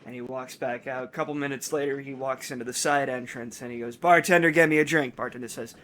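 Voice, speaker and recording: Male let's-play co-host, middle-pitched, meandering joke teller. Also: level tone, fairly bright tone, a little hiss or hum. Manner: rambling, halting storytelling with many restarts. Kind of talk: casual joke-telling while gaming.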